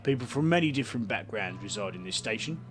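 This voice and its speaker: Cockney game councillor, big bearded man, calm and welcoming, lively up-and-down delivery, put on by a male player reading dialogue. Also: on the low side, fast, soft background music.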